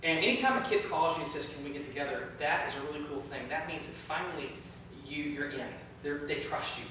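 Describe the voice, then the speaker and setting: A man's voice: fairly high pitch, fairly quick, distant mic, noisy background. Man telling stories in an echoey room. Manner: lively, repeats words while searching for them. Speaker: youth ministry leader giving a training talk. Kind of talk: storytelling training talk.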